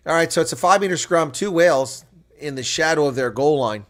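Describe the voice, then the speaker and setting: Excitable male rugby play-by-play host. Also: a little high, fairly quick. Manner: calm analysis breaking into excited shouting on big plays. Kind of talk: live reaction play-by-play commentary.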